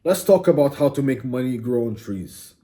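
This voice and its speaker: A man's voice: mid-range voice, expressive, normal speed, mellow. A man hosting a self-improvement video, delivering a brash, crude and mocking motivational monologue.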